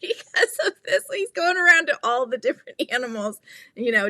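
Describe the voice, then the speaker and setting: A woman hosting a casual crochet livestream, giggly, animated and chatty as she talks to viewers. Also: on the high side, brisk, dry recording. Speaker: livestream host.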